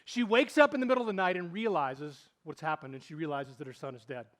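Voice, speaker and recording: A man preaching a sermon as pastor, telling a story with lively swings between loud and hushed. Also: fairly high pitch, quick pace.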